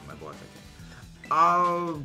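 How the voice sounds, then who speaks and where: A man's voice: on the high side, sing-song, takes it slowly, sharp tone, soft background music. A man livestreaming, chatting casually with his viewers in a rambling, musing way full of fillers and restarts. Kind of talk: casual chat while gaming.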